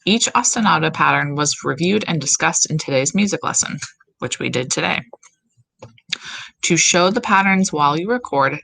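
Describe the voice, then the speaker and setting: A woman music teacher giving slow, step-by-step instructions in a recorded tutorial for her students. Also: low-pitched, gravelly, pushed and bright, poor audio.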